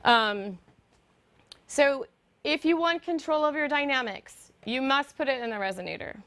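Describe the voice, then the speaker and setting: A woman's voice: high-pitched, lively intonation, unhurried, fairly bright tone. A middle-aged woman vocal coach giving an online singing lesson, chatty and explaining with fillers and demonstrations.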